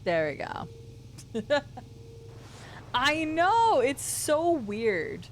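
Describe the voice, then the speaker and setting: A woman's voice: high voice, very animated, drawn-out words, slight background noise. A woman streamer chatting casually and playfully with her viewers while playing a game. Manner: chatty, rambling, playful with chat. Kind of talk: casual chat while gaming.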